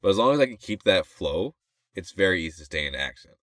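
Deep-voiced man rambling in podcast chat. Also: big pitch swings, fast talker, a bit bright, no echo, studio quality. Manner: rambling, musing, trails off mid-thought. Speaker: podcast co-host.

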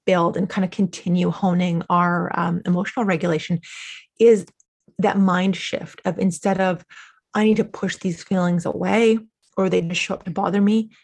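Female psychologist guest, husky tone, measured and reflective, hedging as she explains. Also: on the low side, steady tone, a little mellow. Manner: thoughtful, measured, hedging with "sort of" and "kind of". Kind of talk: explanatory interview answers.

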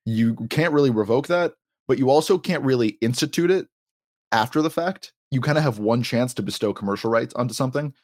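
A man's voice: medium pitch, a little fast, a little mellow, no room sound, studio quality. A man hosting a podcast, chatting casually and explaining things at length with small laughs. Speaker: podcast host.

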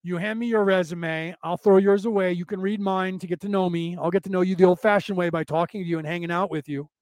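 Male podcast host, high pitch, dry close recording; sarcastic, rambling, swears freely. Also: fairly even intonation, fast talker, a little mellow, no room sound. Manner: rambling, sarcastic, profane, acts out quoted exchanges. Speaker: podcast host teaching a class. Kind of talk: casual lecture-style monologue.

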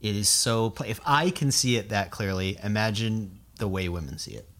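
A woman co-host in political chat, chiming in with agreement and quick asides. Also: extremely low pitch.

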